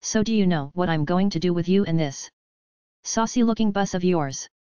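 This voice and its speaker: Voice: medium pitch, normal speed, darkish tone, clean tone, dry recording, natural voice. A narrator voicing a huge, menacing gangster boss who growls threats in a storybook reading. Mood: threatening. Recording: dull, dry sound.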